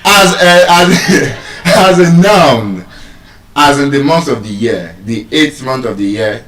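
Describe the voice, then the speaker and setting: A man's voice: medium pitch, expressive, takes it slowly, a bit bright, roomy sound, distant mic, poor audio. A Nigerian man teaching English word stress to a live audience, teasing them and asking questions.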